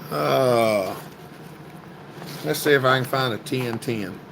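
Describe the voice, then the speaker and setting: A man's voice: mid-range voice, slow, creaky, background noise. A man hosting a casual livestream, reading viewer comments and greeting people by name in a folksy, chatty way. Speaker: livestream host.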